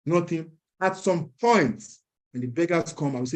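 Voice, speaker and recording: A young man with a voice on the high side speaks at a moderate pace at an entrepreneurs' event. Telling a personal story, he stays lively, lets out chuckles, and acts out what others said.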